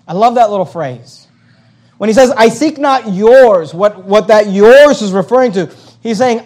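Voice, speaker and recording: A man preaching a sermon from the pulpit, reading scripture aloud and then paraphrasing it with a sarcastic, animated delivery. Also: sits high, moderate pace. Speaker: pastor.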